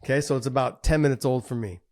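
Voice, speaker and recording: A man co-hosting a fight podcast, telling animated stories in casual chat and swearing freely. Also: medium pitch, fast talker. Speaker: podcast co-host, former fighter.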